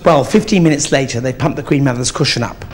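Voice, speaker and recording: A man's voice: mid-range voice, quick pace, lightly acted. A man playing a crude, gossiping old granny in a live stand-up act, camp and swearing freely. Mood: gossipy. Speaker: drag comedian. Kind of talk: live stand-up comedy in character. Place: theatre stage before an audience.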